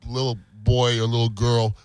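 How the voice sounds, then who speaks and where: A man's voice: mid-range voice, completely flat delivery, moderate pace, clear, resonant tone, dry recording, rough recording. A man co-hosting a radio aftershow in casual chat, easygoing with trailing restarts. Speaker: radio co-host.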